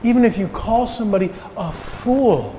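A man's voice: high voice, expressive, moderate pace, mellow, in a large hall, a little hiss or hum, rough recording. A man preaching a sermon as pastor, talking in a conversational way with light humor.

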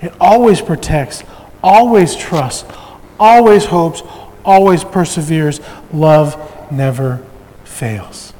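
Male pastor, high voice, conversational sermon with humor, reverberant sanctuary. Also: animated, takes it slowly, warm tone, slight background noise. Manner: conversational preaching with light humor.

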